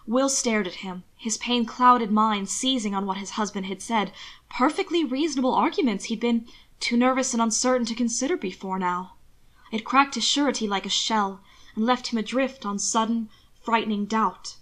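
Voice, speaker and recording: A woman narrating an audiobook reading of fan fiction with expressive, measured storytelling. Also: on the high side.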